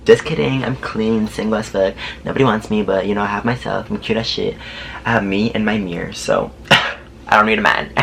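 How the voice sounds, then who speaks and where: A man's voice: fairly low pitch, brisk, creaky, slight background noise. Sassy young man spilling a story. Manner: sassy, animated, swears freely, laughs often. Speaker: vlogger telling a story. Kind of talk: casual storytime chat.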